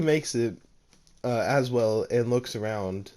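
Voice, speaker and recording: A man's voice: medium pitch, takes it slowly, a little mellow. A man casually narrating a fan-made story, rambling with lots of fillers and laughing at his own slips.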